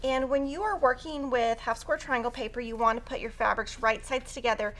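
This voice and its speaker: A woman's voice: on the high side, a little fast, a bit bright. A woman teaching a quilting tutorial on a live stream, chatty and upbeat as she talks through cutting fabric. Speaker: quilting instructor.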